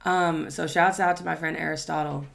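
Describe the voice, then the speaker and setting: A woman's voice: low voice, fairly even intonation, normal speed, gravelly, fairly bright tone. A young woman, a podcast co-host telling stories in casual chat, loose and profane, often laughing.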